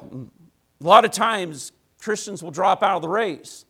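A man's voice: sits high, expressive, measured pace, bright, forceful tone, breathy edge. A male pastor preaching a sermon in a folksy, conversational way, with emphatic repeated phrases and rhetorical questions. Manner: folksy, conversational address to the congregation.

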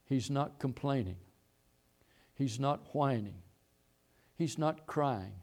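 A man's voice: mid-range voice, expressive, slow, pauses often, a little mellow. A man preaching a sermon, repeating and stressing his points as he quotes scripture. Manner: emphatic, repetitive preaching with Bible quotes.

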